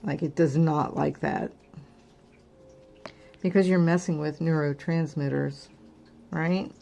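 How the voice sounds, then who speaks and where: A woman's voice: low-pitched, steady tone, takes it slowly, vocal fry, dark tone. A middle-aged woman hosting a crafting channel, chatting casually and candidly with lots of fillers. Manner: candid, rambling, many fillers. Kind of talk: casual personal chat.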